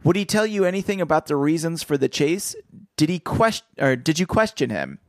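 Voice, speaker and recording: Guy doing a stern detective dad from a storybook, gravelly, dry room, asks pointed questions. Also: a little high, very animated, brisk, no room sound, pitched above the performer's own voice. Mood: probing. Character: stern middle-aged father detective.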